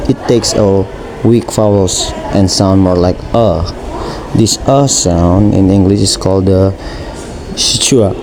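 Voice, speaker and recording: A man reading a pronunciation lesson haltingly, stumbling and restarting words. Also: on the low side, background noise. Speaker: student presenter.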